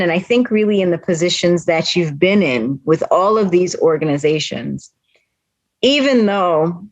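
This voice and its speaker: A woman's voice: on the low side, no echo. A woman hosting a podcast interview, asking questions and affirming her guest. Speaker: podcast host.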